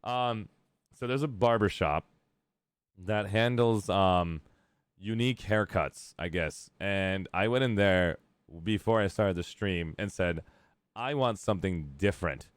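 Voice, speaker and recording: A man's voice: lowish voice, slow pace, smooth, no echo, clean studio sound. A man hosting a live gaming stream, chatting casually and rambling with jokes. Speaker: streamer host.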